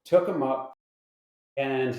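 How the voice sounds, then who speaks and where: A middle-aged man, a guest on an interview show, telling a story in a casual, lively, profane way and acting out the people in it. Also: mid-range voice, takes it slowly. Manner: animated, profane, acts out the people in his stories. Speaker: interview guest, veteran and film technical advisor. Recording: roomy echo.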